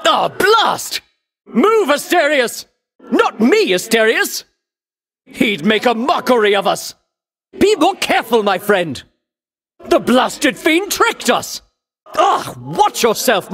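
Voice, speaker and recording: A vain, swaggering champion of legend for a video game, all grand theatrical boasts and taunts. The voice sits high and swings widely in pitch. He takes his time, drawing out every lofty word. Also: vocal fry, a bit bright, exaggerated voice. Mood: alarmed. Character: pompous boastful male hero champion.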